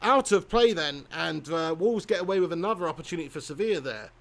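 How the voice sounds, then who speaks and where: A man's voice: a little high, fast talker, vocal fry. A young man hosting a casual football watch-along stream, chatting and laughing as he reads comments and calls the chances.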